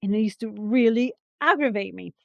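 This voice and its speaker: A woman hosts a podcast in a casual chat, encouraging her guest and affirming what he says. Her voice is fairly high. She is recorded close and dry, with no room sound. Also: a little fast, creaky, fairly bright tone, no room sound. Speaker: podcast host.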